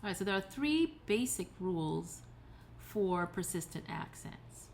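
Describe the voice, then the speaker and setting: A woman's voice: mid-range voice, animated, unhurried, slight background noise. A woman giving a recorded tutorial lecture, explaining patiently step by step with occasional fillers and self-corrections. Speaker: teacher.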